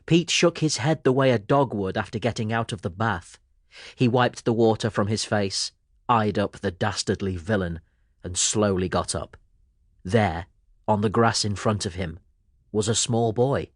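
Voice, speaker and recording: A man narrating a children's audiobook in a lively storytelling manner. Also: on the low side, unhurried, dry recording, clean studio sound.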